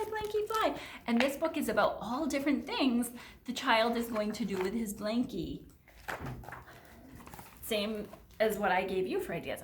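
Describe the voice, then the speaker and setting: High, lively woman reading to children. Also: roomy sound, slight background noise. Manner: animated, sing-song and expressive, talking to kids. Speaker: library storytime reader. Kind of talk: reading picture books aloud to young children. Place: indoor room, seated in a chair.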